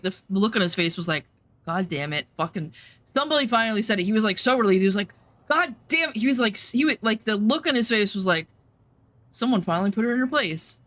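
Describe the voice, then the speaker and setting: A woman's voice: a little high, no room sound. A woman streamer chatting casually while playing, telling a story bluntly and swearing freely, acting out what people said. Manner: animated storytelling, acts out quotes.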